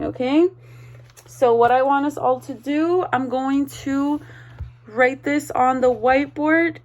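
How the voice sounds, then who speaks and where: A woman teaching a read-aloud vocabulary lesson, spelling words out slowly and encouraging the class. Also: high voice, a little mellow. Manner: slow, spells words letter by letter; encouraging, checks in with "okay?".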